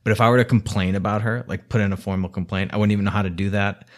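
A man's voice: lowish voice, steady tone, very fast. A man delivering an exasperated, scolding rant to the camera, swearing heavily. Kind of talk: angry rant monologue.

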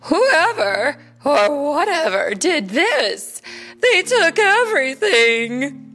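A woman voicing a nervous female grocery store manager who stammers in a high, strained voice. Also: very animated, slow pace, pushed and bright, faint music behind, full character voice.

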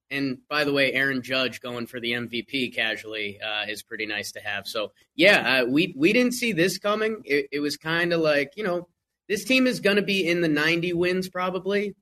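A man with a bright, forceful voice chatting about baseball. He is animated and excitable, stumbling over his words as he restarts sentences. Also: medium pitch, moderate pace. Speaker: podcast guest. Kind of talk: casual sports chat.

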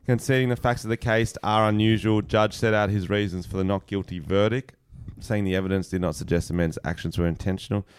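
A man's voice: on the low side, steady tone, a little fast, few pauses, clear, resonant tone. A man, co-hosting a podcast, joking crudely and reading out news stories. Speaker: podcast co-host. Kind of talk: casual chat.

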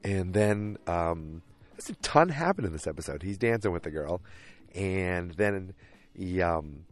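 This is a man with a somewhat low voice talking casually through a show's plot. He wanders from point to point, filling the gaps with ums and likes and doubling back on his own sentences. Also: expressive, a little slow. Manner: rambling, many fillers and restarts. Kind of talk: casual episode recap.

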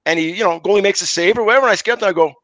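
Middle-aged guy spinning ref stories, does the voices, kinda high pitched, dead dry mic. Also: rapid-fire, no room sound, low-quality recording. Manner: animated anecdotes, acts out quotes. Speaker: former referee, guest. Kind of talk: casual storytelling on a podcast.

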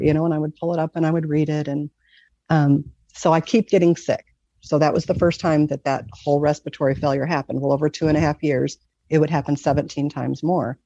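A woman with a gravelly, dark-toned voice tells her personal story in an earnest, candid way, often laughing softly. The recording is dry and close, with a dull, lo-fi sound. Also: low-pitched, no room sound. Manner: earnest, frequent soft laughs. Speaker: guest telling her story.

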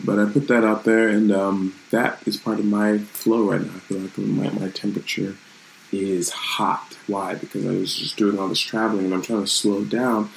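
A man's voice: fairly low pitch, vocal fry, a little hiss or hum, rough recording. A man hosting his own channel, talking in a loose, rambling and reflective way in a casual live-streamed vlog from his room at home.

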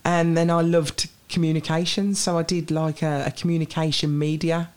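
A woman with a Birmingham accent, chatting lively and laughing easily as an interview guest. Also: sits low, moderate pace. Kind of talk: casual chat.

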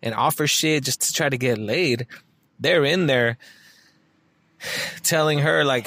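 A man's voice: medium pitch, unhurried, long pauses, fairly bright tone, no room sound. A man talking casually in a monologue, swearing often and rambling with lots of filler words.

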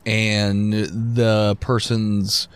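A man's voice: lowish voice, little pitch movement, drawn-out words, clear, resonant tone. A man running a tabletop game as game master, talking in a casual, laid-back way and swearing. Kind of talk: tabletop role-play podcast.

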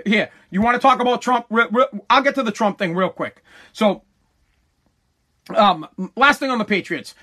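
A man's voice: high voice, bright, forceful tone. A man hosting his own livestreamed podcast, ranting in a heated, profane and repetitive way. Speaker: podcast host. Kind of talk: casual livestream podcast rant.

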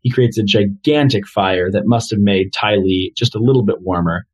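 Husky-voiced man recapping casually. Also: on the low side, moderate pace. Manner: chatty, many fillers. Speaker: podcast co-host.

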